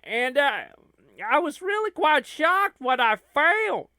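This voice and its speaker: A man voicing an excitable, rambling male sidekick who talks loudly and high. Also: slow, no room sound, clean studio sound, full character voice. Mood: eager.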